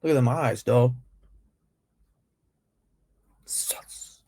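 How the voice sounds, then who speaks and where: A man's voice: fairly low pitch, normal speed, gravelly, dark tone, slightly rough. A man reacting to a story video from home, bantering and joking in slang with lots of "bro" and "dog.". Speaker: YouTube reaction host. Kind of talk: casual reaction commentary. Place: living room.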